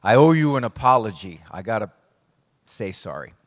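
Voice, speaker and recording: A man's voice: fairly low pitch, moderate pace. Wry middle-aged man in a reverberant hall. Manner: wry, punchy, deadpan jokes. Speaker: psychologist speaking to an audience. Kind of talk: humorous speech to a live audience.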